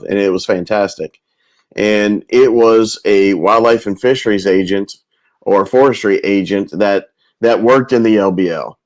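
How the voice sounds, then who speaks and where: A man's voice: fairly low pitch, rough recording. A man hosting a round table, retelling a story at length, with many restarts and repeated words. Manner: rambling, with many restarts and repetitions.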